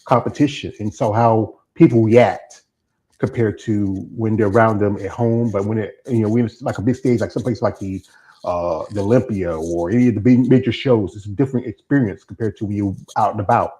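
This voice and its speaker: A man's voice: lowish voice, fairly quick, dark tone, rough recording. Rambling man hosting a live interview. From American South. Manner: rambling, chatty, self-interrupting. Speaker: podcast host. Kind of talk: casual interview chat.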